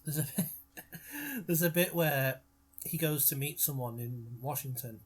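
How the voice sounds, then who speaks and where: Man, husky voice, casual film commentary, joking, eating while talking. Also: a little high, expressive, unhurried. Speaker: commentary co-host.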